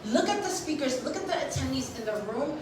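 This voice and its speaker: A woman's voice: sits high, animated, brisk, noisy background. A Haitian-born woman in her thirties giving a motivational keynote at a conference. She speaks emphatically and keeps checking in with the audience. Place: large conference hall. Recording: echoey hall, recorded from a distance.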